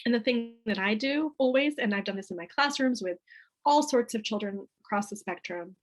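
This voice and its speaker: A woman's voice: fairly high pitch, expressive, moderate pace, rough recording. A woman leading a parenting workshop for a group, chatty and peppering her talk with "right?". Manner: chatty, keeps asking "right?".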